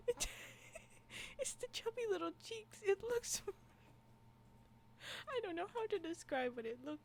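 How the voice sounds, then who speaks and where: A woman's voice: extremely high pitch, big pitch swings, takes it slowly, pauses often, a little hiss or hum. A woman streamer chatting casually and reading a story aloud, giggling often and breaking into exclamations. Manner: giggly, exclamatory reactions to chat.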